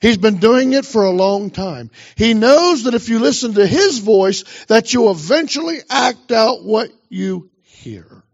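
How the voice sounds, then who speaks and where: High-voiced preaching man, lo-fi sound. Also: expressive, measured pace, vocal fry, hardly any pauses. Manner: emphatic preaching, urging the congregation on. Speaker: pastor. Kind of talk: sermon.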